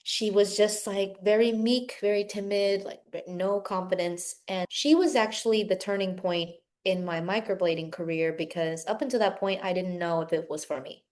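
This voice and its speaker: A woman's voice: mid-range voice, moderate pace, hardly any pauses, darkish tone. A woman being interviewed, telling a personal story in an earnest, chatty way with lots of "like". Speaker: guest, permanent makeup artist.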